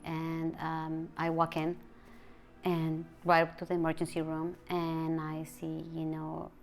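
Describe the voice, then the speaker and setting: A woman's voice: sits low, vocal fry, a bit bright. Emotional woman. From Mexico City. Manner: halting, emotional retelling with many restarts. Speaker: interviewee. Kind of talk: personal interview.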